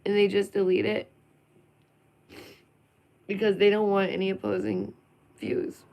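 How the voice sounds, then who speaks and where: Gravelly-voiced woman venting to camera. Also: mid-range voice, very animated, a little slow, darkish tone. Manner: emphatic and sarcastic, with rhetorical questions. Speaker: vlogger.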